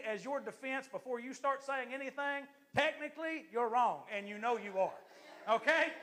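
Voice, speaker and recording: A man, an assistant pastor, preaching a lively, joking sermon to his church congregation. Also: very high voice, moderate pace.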